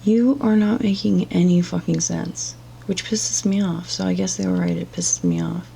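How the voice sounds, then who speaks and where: A woman's voice: lowish voice, fairly even intonation, normal speed, gravelly, warm tone, slight background noise. A woman giving blunt, profane and sarcastic reaction commentary as a vlogger.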